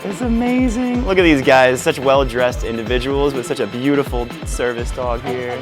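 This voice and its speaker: A man's voice: mid-range voice, normal speed. A man hosting a cruise vlog who chats casually in a gushing, enthusiastic way. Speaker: vlogger host. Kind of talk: casual chat. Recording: music playing behind.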